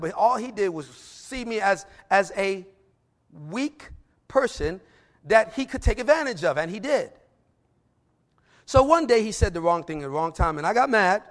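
High-voiced preacher with lively delivery. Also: male voice. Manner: reads scripture slowly, then tells stories in a lively way. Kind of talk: sermon.

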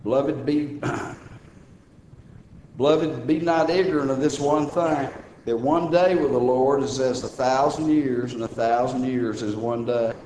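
A man's voice: unhurried, dark tone, slight background noise. Folksy preaching man in echoey church. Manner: folksy preaching, swings from low asides to raised emphatic lines. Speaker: minister. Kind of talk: sermon.

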